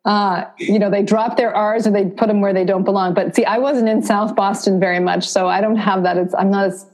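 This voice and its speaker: A woman from Vermont, a therapist, explaining her courses to an interviewer in a steady, explanatory way. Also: mid-range voice, brisk. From Vermont, USA. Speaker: therapist and course creator, guest. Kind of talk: interview answers.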